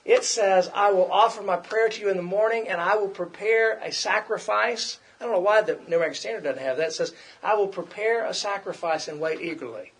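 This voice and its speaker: A man's voice: high-pitched, fairly quick, few pauses. A middle-aged man preaching a conversational sermon, repeating himself and acting out quoted complaints.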